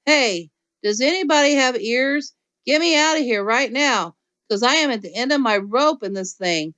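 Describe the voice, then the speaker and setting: A woman voicing an excitable, bossy little kindergarten girl in an audiobook, squealing and pleading. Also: on the high side, moderate pace, no room sound, voice pushed up. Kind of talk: audiobook character voice.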